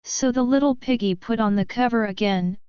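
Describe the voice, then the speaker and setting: A woman narrating a children's story with deliberate, expressive storytelling. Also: a little high, smooth, no echo. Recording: dull lo-fi recording.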